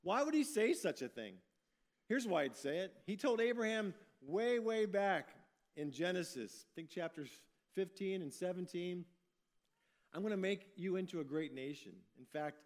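A man's voice: high voice, animated, moderate pace. A man preaching a sermon in a folksy, upbeat way, often restarting his phrases. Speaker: pastor.

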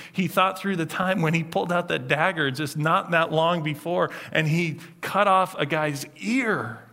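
Bright-voiced male pastor storytelling. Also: on the high side. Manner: storytelling, animated retelling. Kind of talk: sermon.

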